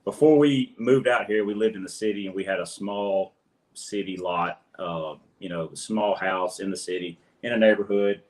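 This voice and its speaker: A man's voice: on the low side, normal speed, darkish tone. A man with a Louisiana accent, a guest homesteader talking in a hesitant, earnest way, often repeating words. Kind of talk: casual interview chat.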